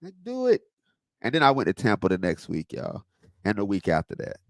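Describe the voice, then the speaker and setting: A low-voiced man from Southwest Florida, USA, streams live, talking a little fast with vocal fry as he tells lively stories and reacts to comments. The audio is studio quality with no echo.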